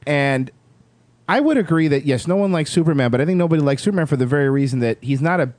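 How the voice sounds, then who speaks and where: A man's voice: fairly high pitch, expressive, quick pace, a little mellow, no echo. A man co-hosting a casual comedy podcast, joking crudely and reading out news stories. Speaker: podcast co-host.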